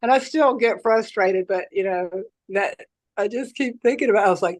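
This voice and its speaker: A woman, a psychic reader, chatting casually and telling stories in an animated way, acting out the voices in them. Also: mid-range voice, normal speed. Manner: animated storyteller who acts out the voices in her stories. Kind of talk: casual conversation.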